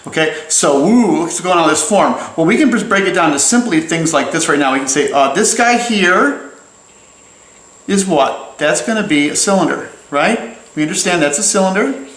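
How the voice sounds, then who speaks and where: A man's voice: on the high side, animated, moderate pace, fairly bright tone, reverberant, rough recording. A man giving a casual, playful drawing lesson as he sketches, chatty and full of jokey asides. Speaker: drawing teacher.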